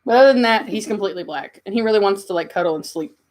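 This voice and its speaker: A woman's voice: mid-range voice, rapid-fire. A woman with a Kentucky Southern accent, chatting casually on a livestream and answering her chat. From Kentucky, USA. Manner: chatty, answers chat comments warmly, coos at her pets. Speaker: livestream host.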